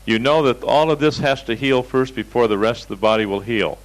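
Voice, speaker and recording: A man's voice: mid-range voice, fairly quick, rough recording. A man teaching a seminar over slides, telling folksy anecdotes in a direct, storytelling way. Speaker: seminar instructor.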